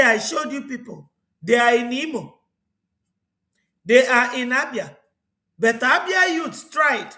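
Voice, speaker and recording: A woman's voice: high-pitched, fairly bright tone, echoey room. A woman with a Nigerian Igbo accent hosting an online talk show, speaking with passion and asking rhetorical questions. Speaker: host.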